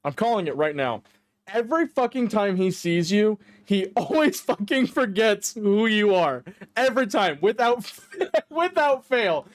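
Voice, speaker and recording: A man's voice: high voice, expressive, normal speed. A man co-hosting a podcast, chatting casually and swearing freely as he laughs through stories. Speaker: podcast co-host. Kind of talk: casual chat.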